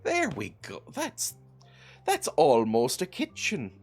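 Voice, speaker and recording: A man's voice: a little high, wildly swooping pitch, takes it slowly, creaky, faint music behind. A sick man giving rambling, self-mocking commentary while playing a game, chuckling often. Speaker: gaming video host. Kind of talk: casual let's-play commentary.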